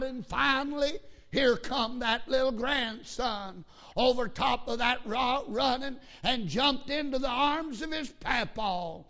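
High, bright preacher. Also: male voice. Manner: storytelling that builds into loud emphatic preaching. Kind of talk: sermon. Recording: lo-fi sermon recording.

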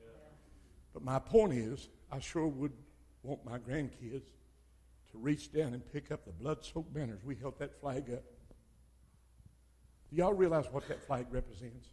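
An older man preaching a sermon as pastor, swinging between loud exhortation and quiet asides. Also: medium pitch, unhurried, pauses often, husky.

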